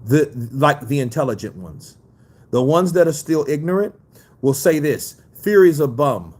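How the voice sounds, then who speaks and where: Casual boxing host, man, profane, laughs a lot, lively pitch. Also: normal speed. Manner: loose, profane, laughs easily. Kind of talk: casual livestream chat, reading viewer comments.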